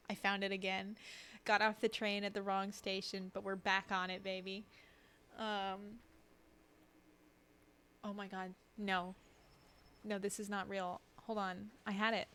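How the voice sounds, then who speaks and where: A woman's voice: medium pitch, flat delivery, unhurried, long pauses, a bit bright. Sleepy young woman yapping into her desk mic late at night, loses her train of thought, faint hum behind. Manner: chatty, self-deprecating, drifting train of thought. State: sleepy, yawning. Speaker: streamer. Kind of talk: casual rambling stream chat.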